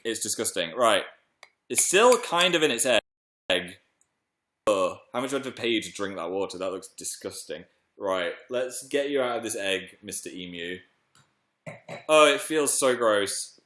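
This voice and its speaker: A young British man chatting excitedly on a live stream and reading viewer messages aloud. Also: on the low side, normal speed. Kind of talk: casual live stream chat.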